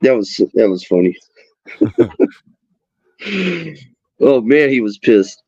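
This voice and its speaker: A middle-aged man hosting a casual chat while fishing, an animated storyteller who swears freely and acts out the people in his stories. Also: fairly low pitch, slow pace, long pauses, no echo. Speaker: host. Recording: dull lo-fi sound.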